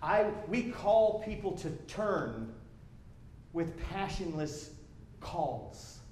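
A man pastor preaching a sermon in a church, conversational and animated, repeating himself as he builds. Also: high voice, very slow, echoey room, a little hiss or hum. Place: church sanctuary.

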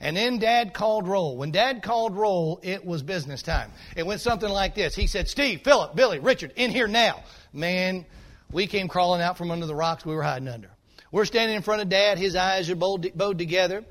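A male pastor with a voice that's high for a preacher tells a sermon story from the pulpit at a fairly quick clip. His manner is folksy and animated, and he keeps pulling the congregation in with asides.

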